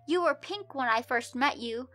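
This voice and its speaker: A young woman reading fan fiction aloud as a comedic dramatic reading, breaking off to shout her exasperated disbelief. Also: sits high, animated, normal speed. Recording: soft music bed underneath.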